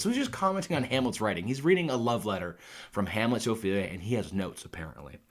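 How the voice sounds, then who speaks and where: A man's voice: mid-range voice, lively intonation, quick pace, fairly bright tone. A man teaching Shakespeare, going line by line and restating it in plain, conversational words, thinking aloud as he goes, recorded on his own device. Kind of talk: casual line-by-line explanation. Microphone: self-recorded on a phone or laptop.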